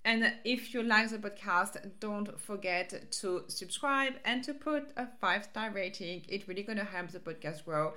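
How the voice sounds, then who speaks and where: A woman's voice: mid-range voice, expressive, moderate pace, few pauses, bright, forceful tone. French-accented woman hosting a chatty podcast. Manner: chatty, upbeat, with fillers and restarts. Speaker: podcast host and life coach. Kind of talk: casual solo podcast.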